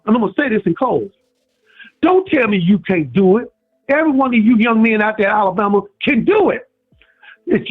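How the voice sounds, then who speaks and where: A man is calling in and preaching with big swings in his voice, repeating his points as he goes. His voice sits very high and is a bit husky. It comes through a thin, tinny phone line. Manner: preachy, repetitive, animated storytelling. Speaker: caller. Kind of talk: impassioned call-in rant.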